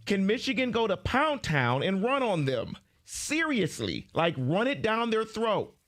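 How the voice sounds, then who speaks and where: A man's voice: high voice, sing-song, a little slow, a bit bright. A man co-hosting sports talk radio, reading quotes aloud and fighting back laughter. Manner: reads quotes aloud, cracking up. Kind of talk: casual sports radio banter.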